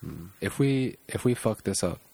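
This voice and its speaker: Super deep voiced host guy, chill, says "like" a lot, wondering out loud. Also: normal speed, gravelly, husky. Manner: relaxed, musing, many "like" fillers. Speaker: podcast host. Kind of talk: casual interview chat.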